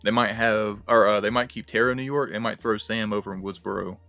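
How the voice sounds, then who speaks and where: A young man hosting a casual movie-discussion livestream, talking in an animated, rambling way with plenty of swearing and fillers. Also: fairly low pitch, fast talker, soft background music. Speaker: livestream host.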